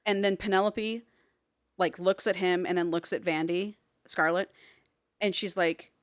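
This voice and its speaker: A woman's voice: on the low side, a little slow, dry recording, clean studio sound. A woman co-hosting a casual podcast, animatedly retelling a novel's plot and acting out the characters' lines. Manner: animated storytelling with quoted characters. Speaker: podcast co-host.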